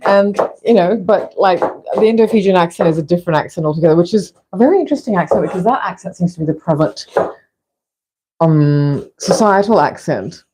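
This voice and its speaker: A woman's voice: lowish voice, expressive, a little fast, background noise. A middle-aged woman from Fiji chatting in a rambling way while filming a cooking session in her home kitchen. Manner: rambling, chatty, frequent restarts. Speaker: vlog host.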